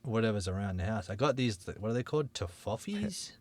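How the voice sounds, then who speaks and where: A man's voice: on the low side, big pitch swings, a little fast, darkish tone. A man in casual podcast chat, rambling and self-mocking.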